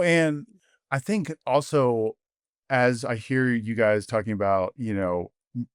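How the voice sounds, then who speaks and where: A man's voice: mid-range voice, clean tone, no room sound, studio quality. A man hosting a podcast, talking casually and enthusiastically, full of fillers and "you know" asides. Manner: acts out quoted dialogue in animated voices. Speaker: podcast host.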